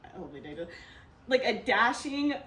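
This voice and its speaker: Animated young woman telling a story. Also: a little high, measured pace. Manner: animated storyteller acting out quotes, frequent laughter. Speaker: podcast co-host. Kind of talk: casual chat, storytelling. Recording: echoey room, a bit distant from mic.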